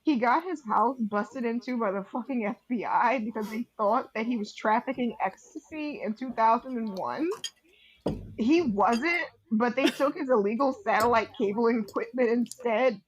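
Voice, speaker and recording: A woman's voice: fairly high pitch, normal speed, muffled recording. A woman co-hosting a podcast, retelling stories in a loose casual chat full of fillers and giggles. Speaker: podcast co-host.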